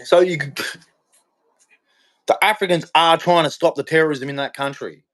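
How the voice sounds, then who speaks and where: A man's voice: a little high, fairly even intonation, moderate pace, a bit bright. A man hosting a live show, talking in a heated, rambling and repetitive way, often restarting his sentences. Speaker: host. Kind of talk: unscripted live commentary. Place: hot room in Queensland.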